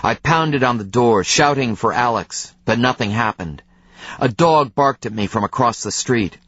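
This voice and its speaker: Male narrator for a first-person thriller audiobook, measured and tense, dry close sound. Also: mid-range voice, lively intonation, a bit bright, no echo, highs cut off.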